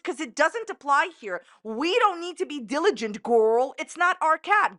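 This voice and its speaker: A woman's voice: high-pitched, fairly bright tone. A woman ranting in a sarcastic, catty YouTube commentary, mocking with a repeated running joke. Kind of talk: casual commentary rant.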